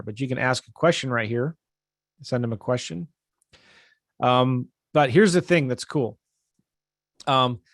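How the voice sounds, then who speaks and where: A man coaching on a live webinar, casual and upbeat as he walks viewers through his screen. His voice sits in an ordinary middle pitch. The sound is dry and close, with no room echo. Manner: casual, energetic, talks straight to viewers. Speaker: real estate investing coach.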